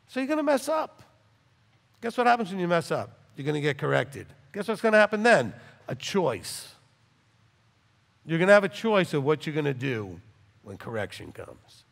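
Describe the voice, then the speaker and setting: A rabbi teaching Torah to a live class, acting out dialogues with big swings in loudness. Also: male voice, moderate pace, gravelly, pauses often. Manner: animated, acts out dialogues in wide swings of pitch and loudness. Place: hall with a live audience. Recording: long reverb in a hall.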